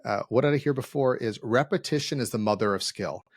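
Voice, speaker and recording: Animated storytelling man, dry sound. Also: medium pitch, brisk, no room sound. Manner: animated storyteller, acts out quoted dialogue. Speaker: podcast co-host, CEO. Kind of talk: casual podcast conversation.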